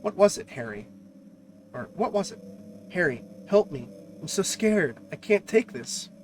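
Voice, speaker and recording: A man's voice: sits high, big pitch swings, measured pace, slight background noise. A man voicing a frightened young nurse in an anxious, pleading way, with music playing behind.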